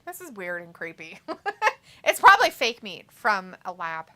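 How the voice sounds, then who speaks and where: A woman's voice: mid-range voice, big pitch swings, moderate pace, pushed and bright. A woman co-hosting a casual wrestling watch-along live stream, chatting and reading viewer messages aloud in a jokey way.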